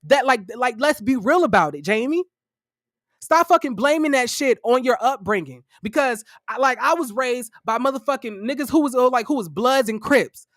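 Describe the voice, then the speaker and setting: A man giving casual reaction commentary on a reality show, profane and animated, with sassy, theatrical exclamations and dramatic asides. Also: extremely high pitch, normal speed, no room sound, studio quality.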